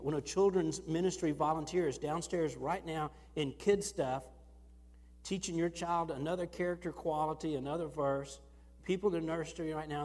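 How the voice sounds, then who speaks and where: Pastor, male, slightly high voice, earnest sermon delivery, long church hall reverb. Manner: earnest, storytelling with lively rises. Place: church sanctuary.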